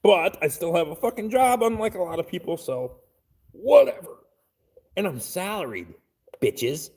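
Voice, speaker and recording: A somewhat high-pitched man talks crudely on a live stream, swearing nearly every line. His voice is gravelly and swings widely up and down. He reads chat aloud and answers in a blunt, offhand way. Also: sing-song, moderate pace, darkish tone.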